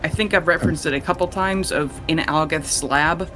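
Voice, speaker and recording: Soft music plays under a young game master leading a tabletop session with relaxed narration, free cursing and quick character voices. He speaks at a moderate pace in a high, bright, forceful voice.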